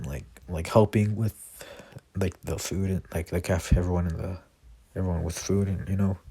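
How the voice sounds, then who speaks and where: A man's voice: deep voice, warm tone, breathy edge. A man at home improvising a fan story, rambling, with many fillers and self-corrections. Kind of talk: improvised fan-fiction narration.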